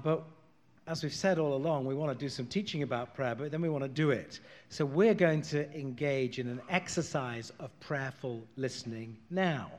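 A man leading a prayer session, calmly instructing a gathering in a large room. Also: mid-range voice. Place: large bright room with an audience. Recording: reverberant hall.

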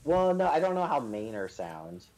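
A man's voice: mid-range voice, big pitch swings, normal speed, a little mellow. A man co-hosting a casual chat, ranting in a sarcastic, profane way. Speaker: podcast co-host.

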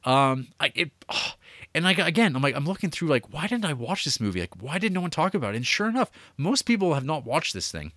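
A man co-hosting a casual podcast, rambling about horror movies with lots of fillers, swearing and excited tangents. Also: fairly high pitch, fairly quick, no room sound. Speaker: podcast co-host reviewing movies. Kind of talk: casual chat.

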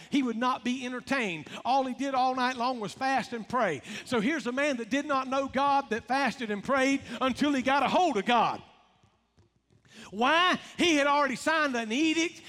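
Male preacher, very high voice, rhythmic sermon delivery, echoing church hall. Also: sharp tone. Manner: rhythmic preaching, calls out to the congregation. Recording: long reverb of a large hall.

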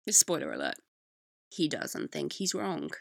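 Wry woman narrating history, lively. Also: deep voice, measured pace, gravelly, dry recording, clean studio sound. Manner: wry, sarcastic asides. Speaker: podcast host.

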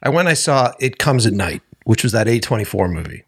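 A man's voice: mid-range voice, animated, fast talker, fairly bright tone, slightly rough. A man talks in a loose podcast chat, rambling and cursing freely. He keeps cutting off his own sentences and starting them again. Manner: rambling, profane, self-interrupting. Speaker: filmmaker.

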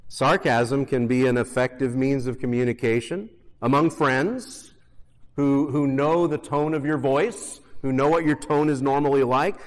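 A man's voice: mid-range voice, big-room sound. A male pastor preaching a conversational sermon with self-deprecating humor and emphatic repetition.

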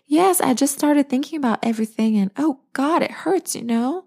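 A woman's voice: high voice, steady tone, moderate pace, vocal fry, voice pushed up. A woman voicing a young woman who wails apologies in pain and distress. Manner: wailing, apologetic. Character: young woman, fretful and hurting.

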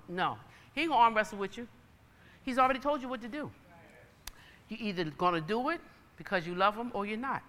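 A woman's voice: medium pitch, sharp tone, in a large hall. A woman preacher giving a sermon with personal testimony, emphatic and folksy in her storytelling.

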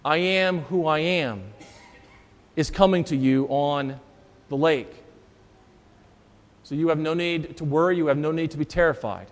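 High-voiced pastor preaching in a reverberant church. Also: male voice, measured pace, pauses often. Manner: explains scripture verse by verse, repeats key phrases. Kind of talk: sermon.

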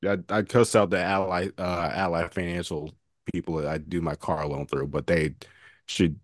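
Very deep, halting man, dry sound. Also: steady tone, no echo. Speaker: podcast co-host. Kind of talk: casual chat.

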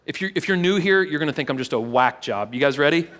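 A man preaching a casual, earnest sermon to a live church service, telling a personal story and then leading a hushed prayer with many repeated words. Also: on the high side, lively intonation, fast talker, long reverb tail. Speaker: pastor.

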